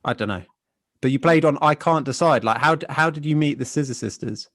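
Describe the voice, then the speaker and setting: A man's voice: fairly high pitch, brisk, a bit bright. A young man hosting a podcast interview, asking questions hesitantly with restarts. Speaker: podcast host. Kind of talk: casual interview.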